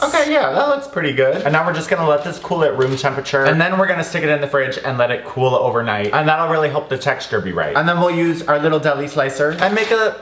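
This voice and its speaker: A man's voice: a little high, fairly bright tone, roomy sound, slight background noise. A man chatting casually through a home cooking vlog, laughing often and calling his viewers y'all. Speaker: cooking vlogger. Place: home kitchen.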